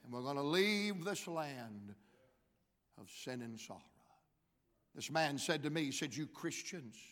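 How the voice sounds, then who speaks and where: A man with a Georgia accent preaching a sermon, mixing humorous stories with shouted climaxes. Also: on the high side, lively intonation, measured pace. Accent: Southern US (Georgia). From Georgia, USA. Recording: reverberant hall.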